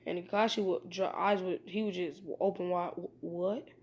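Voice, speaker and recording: A woman's voice: on the low side, steady tone, brisk, a little mellow, dull audio. A woman casually telling a fan story, rambling and informal, with many fillers and restarts. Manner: informal, slangy.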